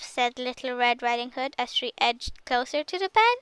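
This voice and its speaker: A woman reading a children's fairy tale aloud with lively, expressive storytelling. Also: fairly high pitch, moderate pace, clear, resonant tone, no room sound, rough recording. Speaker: storybook reader.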